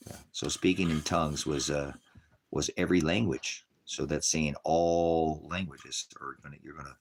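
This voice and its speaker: Very deep-voiced rambling male preacher. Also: a little slow. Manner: rambling, chuckling, mocking put-on voices. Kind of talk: casual livestream preaching.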